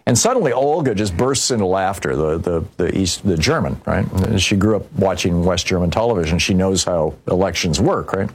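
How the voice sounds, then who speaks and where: A man's voice: sits low, animated, moderate pace, hardly any pauses, breathy edge. An older man telling a personal story in political commentary, rambling with many restarts and fillers.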